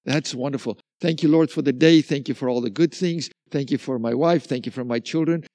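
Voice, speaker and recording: A man preaching a sermon, animated, acting out little dialogues and repeating phrases for emphasis. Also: medium pitch, brisk, no room sound. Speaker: pastor.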